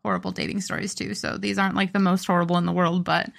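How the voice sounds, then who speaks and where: Brief: woman podcast co-host, gravelly fry, dramatic in her reactions. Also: on the low side, level tone, fast talker. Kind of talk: casual chat.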